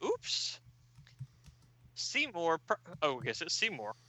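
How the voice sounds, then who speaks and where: A man hosting a podcast who reads a comic aloud in a playful way and chuckles often. His voice is high and very bright, and it moves a lot in pitch. The sound is dry and close. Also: lively intonation, normal speed, dry recording.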